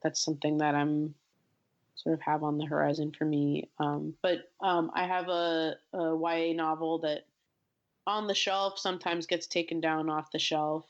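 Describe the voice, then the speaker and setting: A woman with a low, gravelly voice talks about her writing in a thoughtful, halting way. The audio sounds dull and a bit lo-fi. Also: flat delivery. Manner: thoughtful, hesitant, many ums and restarts. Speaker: guest writer. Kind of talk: casual interview chat.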